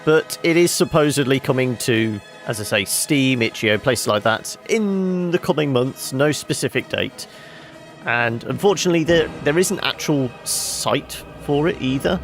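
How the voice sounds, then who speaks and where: A man's voice: medium pitch, lively intonation, a little slow. A man hosting a casual let's play video, chatting and wrapping up with asides. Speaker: game video host. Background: game music.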